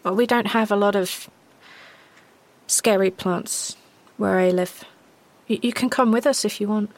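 A woman's voice: mid-range voice, fairly even intonation, unhurried, lightly acted, rough recording. A woman voicing an earnest, slightly nervous young survivor in a tabletop role-play.

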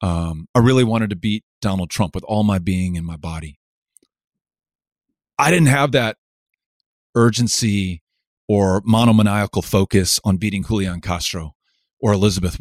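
A middle-aged man from West Texas with a lowish voice, talking in an earnest, reflective way in an interview. He restarts his sentences and builds his points in rhythmic, parallel lists. The sound is close and dry, with no room around it. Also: no room sound. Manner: earnest, halting with repeated starts, lists in rhythmic parallel phrases. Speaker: interview guest, politician.

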